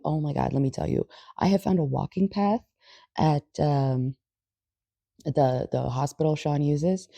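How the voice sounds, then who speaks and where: A woman's voice: sits low, gravelly, mellow, no room sound. A woman chatting casually in a home vlog, swearing now and then and chatting with her dog. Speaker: vlogger. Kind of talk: casual chat. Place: home, indoors.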